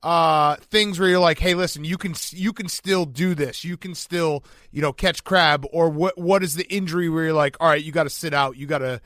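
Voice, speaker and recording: Male podcast host, conversational and loose, slightly high voice, dry close recording. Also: fairly even intonation, normal speed, hardly any pauses, fairly bright tone, no room sound. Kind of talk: casual interview questions.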